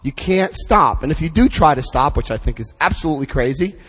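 A middle-aged man giving a personal recovery testimony to an audience, telling his story with dramatic pauses. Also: fairly high pitch, lively intonation, a bit bright, breathy edge. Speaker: recovery speaker. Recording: hall reverb.

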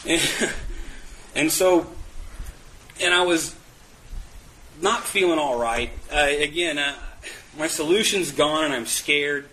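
A man's voice: on the high side, bright, forceful tone, slight background noise, poor audio. A man sharing his recovery story in a candid, self-mocking way, often laughing and restarting his words. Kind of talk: personal testimony at a meeting.

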